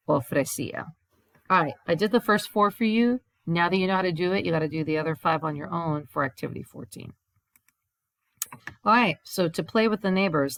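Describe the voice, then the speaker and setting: A woman's voice: lowish voice, vocal fry, a bit bright, dry recording. A woman teacher recording a grammar lesson over slides, explaining step by step and reading example sentences aloud before translating them. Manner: explains step by step, reads examples in Spanish then English. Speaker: Spanish teacher.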